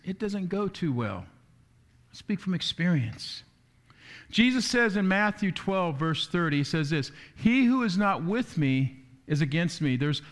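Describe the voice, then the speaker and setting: A male pastor preaching a sermon in church, animated and conversational, often acting out quoted voices. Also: high voice.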